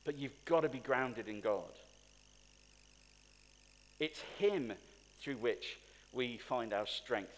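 A man's voice: medium pitch, slow, pauses often, slight background noise. A man preaching a sermon to a congregation, asking them questions and building to emphatic points. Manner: animated, rising to emphatic peaks, asks the congregation questions. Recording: long hall reverb.

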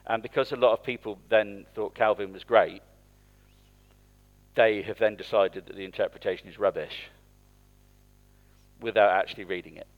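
A man's voice: on the low side, steady tone, normal speed, phone-quality sound. A man preaching in church, speaking conversationally and asking the congregation questions. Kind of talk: interactive sermon.

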